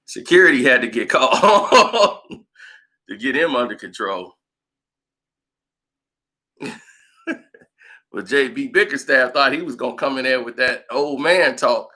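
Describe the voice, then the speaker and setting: Animated, bright-voiced male sports vlogger. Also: mid-range voice, a little slow, pauses often, rough recording. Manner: animated storytelling, laughs often. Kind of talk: casual sports commentary.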